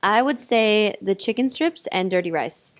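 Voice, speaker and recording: A woman's voice: medium pitch, expressive, measured pace. A young woman from North Carolina with a faint Southern accent, chatting as an interview guest, bubbly and giggly with lots of likes and ums. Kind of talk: casual interview chat.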